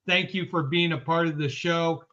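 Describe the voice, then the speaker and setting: On a dull, lo-fi sports podcast stream, a male co-host with a slightly high voice calls out chat names one by one at normal speed, his intonation fairly even and his manner casual and upbeat.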